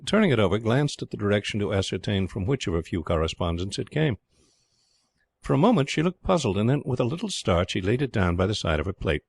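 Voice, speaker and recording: Deep-voiced guy reading an audiobook, steady and clear, dry mic. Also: dry recording. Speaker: audiobook narrator. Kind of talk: scripted narration.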